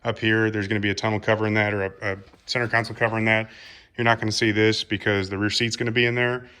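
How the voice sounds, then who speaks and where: A man's voice: lowish voice, little pitch movement, quick pace, sharp tone. Young man, car-build vlogger, self-mocking jokes, rambling chatter, garage, phone recording. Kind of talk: casual garage vlog.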